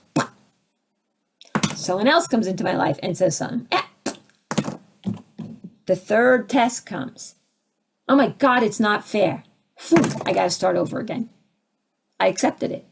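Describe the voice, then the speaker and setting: Animated woman spiritual teacher. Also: mid-range voice, vocal fry, noisy background. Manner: animated, acts out little scenes with sudden swings in voice. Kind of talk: spiritual teaching talk, answering audience questions.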